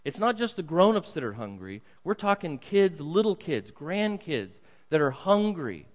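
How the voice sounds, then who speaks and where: Older guy preaching, loud then soft, big echoey church, kinda dull audio. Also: fairly high pitch, unhurried. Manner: lively, swings between loud dramatic reading and soft asides. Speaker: pastor. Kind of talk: sermon. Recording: dull sound in a big reverberant hall.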